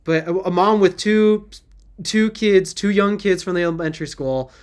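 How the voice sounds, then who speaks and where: A man co-hosting a casual podcast, with a slightly high voice. He tells stories earnestly and rambles, restarting his sentences as he goes. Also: normal speed, smooth. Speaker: podcast co-host.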